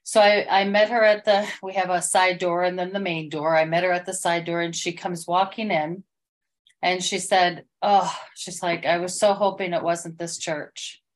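A woman's voice: lowish voice, little pitch movement, moderate pace. A middle-aged woman sharing a personal church experience in casual spoken testimony, rambling and emotional, with many restarts.

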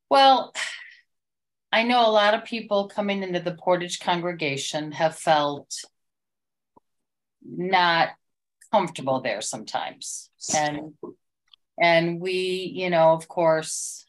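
A middle-aged woman recounts an experience in loose, rambling testimony. Her voice sits a little low, and she keeps restarting her sentences as the story gets emotional. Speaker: church member sharing an experience. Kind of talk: casual spoken testimony.

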